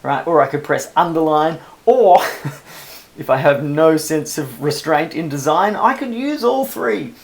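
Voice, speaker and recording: A man, a publisher, talking new authors through a screen-recorded software tutorial in a relaxed, chatty and self-amused way. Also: a little high, gravelly.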